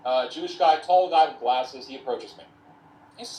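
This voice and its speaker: A man tells an anecdote with a lively, swinging pitch and acts out the voices of the people in it. He sounds distant in an echoey room, with faint background noise. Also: a little fast, pauses often. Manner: animated retelling with acted quotes. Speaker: conference speaker. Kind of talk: anecdotal storytelling.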